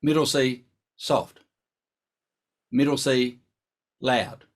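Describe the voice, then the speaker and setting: A man's voice: medium pitch, fairly even intonation, extremely slow. A man teaching brass in a live online lesson, chatty and instructive, thinking aloud as he explains.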